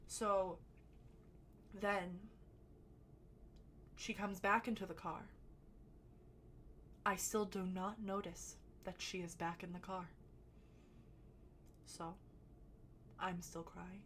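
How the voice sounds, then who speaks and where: A woman's voice: mid-range voice, slow pace, long pauses, slight background noise. Chatty woman telling a storytime. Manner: chatty and animated, with sudden loud bursts and swearing. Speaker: storytelling vlogger. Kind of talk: casual storytime.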